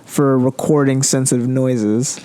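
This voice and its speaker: An American man hosting a casual podcast chat from indoors, chatty and quick to slip into silly voices. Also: medium pitch, steady tone, mellow. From United States. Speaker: podcast host. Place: indoor room.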